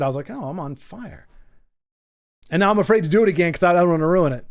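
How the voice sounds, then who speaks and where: Chatty, rambling man host. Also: high voice. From United States. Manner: rambling, animated, repeats words when thinking aloud. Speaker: livestream host reading chat. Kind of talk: casual chat.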